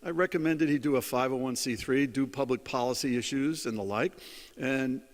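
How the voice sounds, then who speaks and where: Anecdotal New keynote speaker, hall reverb. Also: male voice, medium pitch, moderate pace. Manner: storytelling, many ums and uhs. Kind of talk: after-dinner keynote with anecdotes. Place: conference hall.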